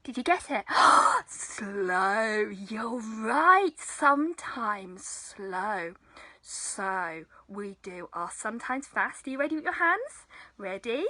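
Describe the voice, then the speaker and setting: A woman leading a children's story time in a playful, animated way, with gasps and hushed asides. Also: fairly high pitch, measured pace, no room sound, poor audio.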